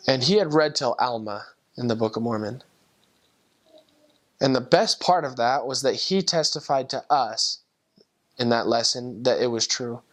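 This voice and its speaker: A man, a former missionary, telling a personal faith story in an earnest, heartfelt, halting way. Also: mid-range voice.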